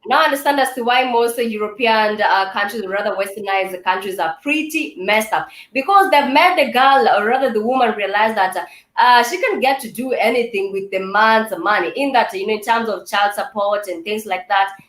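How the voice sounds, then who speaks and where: A woman hosting a talk-show discussion in a measured, hesitant way with many fillers. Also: medium pitch, fairly bright tone, echoey room, low-quality recording. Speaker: host.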